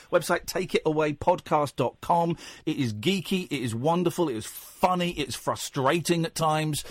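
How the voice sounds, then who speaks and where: A man's voice: a little high, no echo. A man hosting late-night radio, playful and jokey, talking into a studio microphone. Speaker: radio host.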